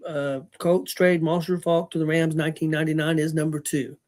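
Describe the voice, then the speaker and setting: Middle-aged male host, higher-pitched. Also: level tone, a little fast, a little mellow. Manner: stammering restarts, emphatic. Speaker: sports talk show host. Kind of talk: casual sports chat.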